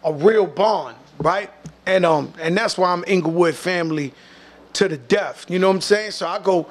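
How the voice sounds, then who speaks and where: A man with a New York accent, a guest telling a long story in a casual, animated, slangy way. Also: high voice, moderate pace. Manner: animated, slangy, profane, acts out other people's voices.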